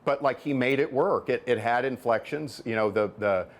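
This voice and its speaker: A middle-aged man, both author and venture capitalist, gives explanatory answers in an interview, often repeating words as he builds his case. He speaks at a moderate pace in a mid-range voice.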